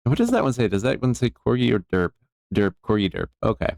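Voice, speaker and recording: A man's voice: medium pitch, wildly swooping pitch, fast, creaky, darkish tone, no room sound, clean studio sound. A man chatting casually on a live stream from his jewelry workbench, easygoing and rambling as he thanks viewers. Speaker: jeweler streaming bench work.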